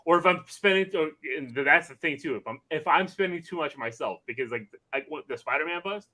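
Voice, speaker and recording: Bright-voiced, swearing podcast dad. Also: male voice, a little high, a little fast. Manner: profane, animated storytelling about his kids. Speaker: podcast co-host. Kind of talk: casual chat.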